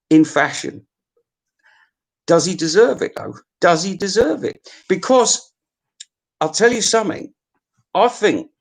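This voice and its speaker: A man, hosting a music countdown in a rambling, opinionated comic monologue full of swearing, restarts and stammers. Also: medium pitch.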